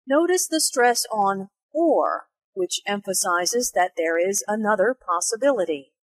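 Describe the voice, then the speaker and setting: A woman explaining English phrases and their intonation in a slow, careful teaching voice. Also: no echo. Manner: slow, careful, with lively pitch for spoken examples. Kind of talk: slow, clearly articulated teaching narration and dialogue.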